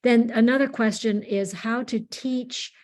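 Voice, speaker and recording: A woman's voice: on the high side, steady tone, a little slow, darkish tone. A woman moderating a webinar, relaying audience questions with hesitant, searching phrasing.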